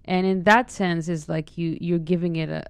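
Guest, female, lowish gravelly voice, dry close sound, animated anecdotes. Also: moderate pace, no room sound. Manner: lively storyteller, acts out quoted voices. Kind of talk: casual chat.

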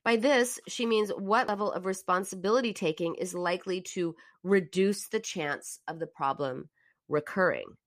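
A woman's voice: on the low side, moderate pace. A woman host talking through listener comments and telling stories in a reflective, anecdotal way, often restarting her sentences. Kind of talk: casual live-stream talk about self-help.

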